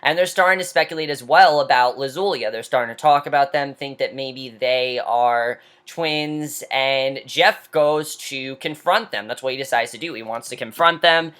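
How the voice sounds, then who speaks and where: A woman's voice: very deep voice, normal speed, few pauses, a bit bright. Opinionated woman recapping a reality show. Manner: opinionated, with frequent fillers and restarts. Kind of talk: casual recap commentary.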